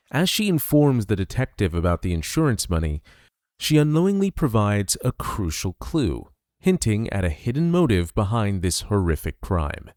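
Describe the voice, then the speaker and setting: Low, lively male documentary narrator. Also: dry recording, studio quality. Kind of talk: scripted narration.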